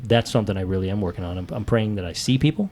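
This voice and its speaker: Fast-talking man, lively storyteller. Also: fairly low pitch, a little hiss or hum. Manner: animated storytelling, acts out his own lines. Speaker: podcast co-host. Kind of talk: casual chat.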